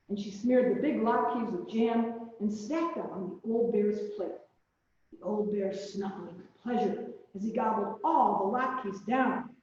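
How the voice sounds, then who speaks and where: A woman reading a children's story aloud at a church service, gentle and expressive. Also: a little high. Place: large echoey church hall. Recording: distant, dull, echoey hall recording.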